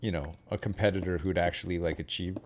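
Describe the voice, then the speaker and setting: A Canadian man with a fairly low voice chats casually on a stream. He rambles, keeps adding "like", and checks in with "right?". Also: steady tone, fast, background noise. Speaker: streamer chatting with a guest. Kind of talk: casual chat.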